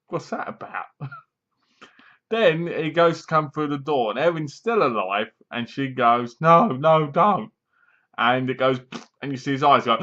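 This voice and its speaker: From a squeaky chair in a room at home, a man with a slightly bright, mid-range voice reviews a film casually and ramblingly. He acts out lines, laughs in bursts, and the home recording sounds dull and lo-fi.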